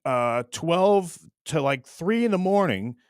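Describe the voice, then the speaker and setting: A man's voice: on the high side, expressive, slow pace, smooth, dry recording, clean studio sound. A man hosting his own online show, ranting casually to camera in a rambling, teasing way with many restarts. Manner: rambling, repeats words and restarts often, teasing.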